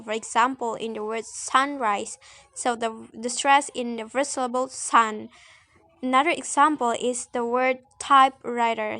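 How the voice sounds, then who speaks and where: A woman's voice: on the high side, fairly bright tone. A young woman giving a student class presentation, reading carefully with hesitant restarts. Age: young adult.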